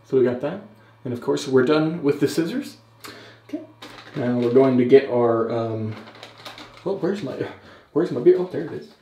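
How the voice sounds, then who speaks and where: A man putting on a calm, earnest beard-trim narrator, every step spelled out slow and careful, caught in a roomy, echoey space. A mock-serious tone at an ordinary male pitch. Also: close to an everyday voice. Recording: roomy echo.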